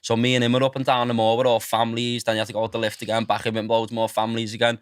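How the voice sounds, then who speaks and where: A young man rattles through a story at a quick clip, swearing freely and tossing "lad" into every line. He talks into a close podcast mic in a dry, dead room. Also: medium pitch, smooth, dry recording. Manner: animated, swears a lot, keeps saying "lad". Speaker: podcast co-host. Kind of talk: casual chat, storytelling.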